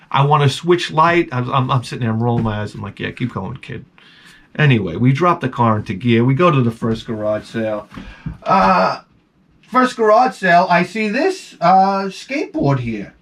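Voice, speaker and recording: A middle-aged man hosting a video, telling a casual, rambling story to camera with jokes and sudden excited jumps in his voice. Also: on the high side. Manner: rambling and jokey, voice jumping up when excited. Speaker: video host.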